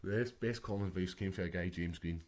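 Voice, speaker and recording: A Scottish man chatting as a podcast guest, telling stories in an animated way, with plenty of swearing and laughter. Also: deep voice, fast talker. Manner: animated, swearing storyteller who laughs often. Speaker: guest, mixed martial arts fighter. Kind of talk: casual chat.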